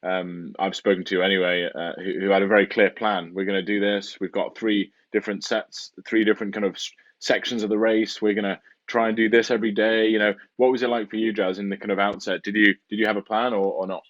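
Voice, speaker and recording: A man's voice: fairly low pitch, level tone, fast talker, lo-fi sound. A man hosting a podcast interview, asking long questions with many ums and restarts. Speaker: podcast host. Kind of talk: casual interview talk.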